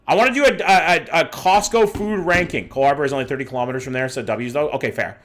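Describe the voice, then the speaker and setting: Fast and fairly bright, a man's fairly high-pitched voice carries over soft background music. He's in his thirties, streaming from Vancouver, Canada, reading chat, guessing locations, and swearing casually.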